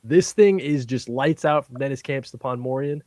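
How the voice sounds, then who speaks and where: Man, enthusiastic, gushing praise, casual panel chat, mid pitch, dry close sound. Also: moderate pace, darkish tone, no echo. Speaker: podcast co-host.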